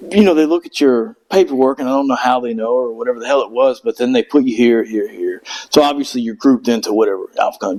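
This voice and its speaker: A man's voice: mid-range voice, a little mellow, rough recording. A middle-aged man, a veteran, telling a long story in casual podcast chat, cursing freely and breaking into voices of the people he describes. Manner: profane, rambling storyteller who acts out voices. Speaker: veteran telling war stories.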